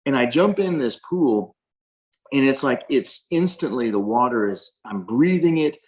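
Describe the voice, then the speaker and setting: A man's voice: medium pitch, animated, a little slow, darkish tone, low-quality recording. A man on a video call, earnestly recounting a spiritual experience in a casual way, often restarting his sentences. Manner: earnest storyteller with frequent restarts.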